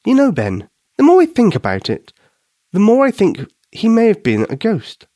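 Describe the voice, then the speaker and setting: A man voicing a quick-witted, cheeky young girl in a children's storybook reading, eager and teasing. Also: sits high, wildly swooping pitch, warm tone, no echo, clean studio sound, voice pushed up. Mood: puzzled.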